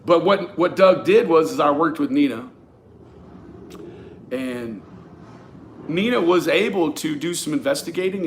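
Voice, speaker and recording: A man telling a personal story to his viewers in a casual, profane, animated way, often restarting his sentences. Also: a little high, a little hiss or hum. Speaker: YouTube commentator.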